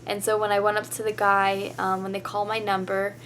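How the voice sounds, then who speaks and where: A woman's voice: mid-range voice, completely flat delivery, fairly quick, a bit bright, a little hiss or hum. A teenage girl vlogging a long, rambling story full of "like" fillers, emotional and near tears. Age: teens. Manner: chatty, rambling with many "like" fillers. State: tearful, emotional. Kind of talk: casual storytelling vlog.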